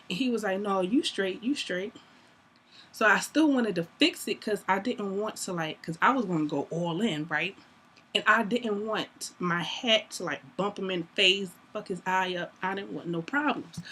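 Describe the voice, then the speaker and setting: A young woman telling a story to camera in a casual, animated way, acting out both sides of a conversation and laughing often. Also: medium pitch, moderate pace, breathy edge. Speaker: vlogger.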